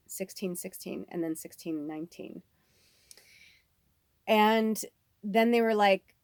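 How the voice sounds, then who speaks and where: A woman's voice: mid-range voice, takes it slowly, pauses often, darkish tone, no echo, clean studio sound. Candid, rambling woman in her thirties. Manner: candid, rambling, swears often. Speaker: psychic medium. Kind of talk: casual spiritual reading monologue.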